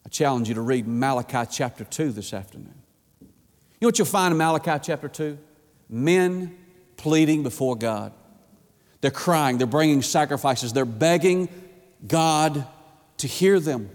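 A male pastor preaching a sermon, swinging from high, urgent pleas to hushed low tones and stammering when fired up. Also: normal speed. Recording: long reverb of a church hall.

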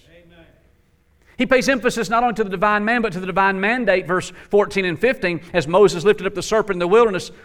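A man's voice: sits high, fairly bright tone. A man preaching a sermon to his congregation, emphatic and folksy, repeating lines for effect. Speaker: pastor.

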